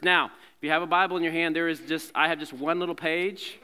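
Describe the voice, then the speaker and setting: A man's voice: on the high side, fairly even intonation, brisk, hardly any pauses, sharp tone, clear, resonant tone. A man preaching a sermon to a congregation in a conversational way, with joking asides between scripture readings. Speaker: pastor. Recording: long hall reverb.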